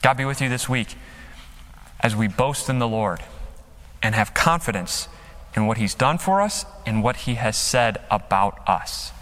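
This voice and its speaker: A man's voice: medium pitch, lively intonation, a little slow, a bit bright. A man preaching a sermon as pastor, emphatic, acting out quotes with dramatic rises and drops, speaking from a church stage. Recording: long hall reverb.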